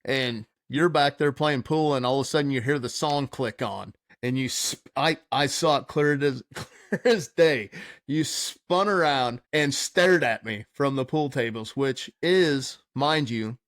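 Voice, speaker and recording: A man's voice: mid-range voice, measured pace, fairly bright tone, dry recording. Profane, laughing storyteller man, dry sound. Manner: rambling, profane, laughs through his story. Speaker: podcast host. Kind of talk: casual storytelling chat.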